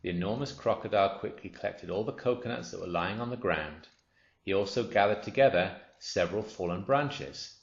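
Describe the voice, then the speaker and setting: A man narrating a children's story aloud in a steady, expressive reading voice. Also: fairly low pitch, a little fast, creaky. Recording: roomy, dull lo-fi.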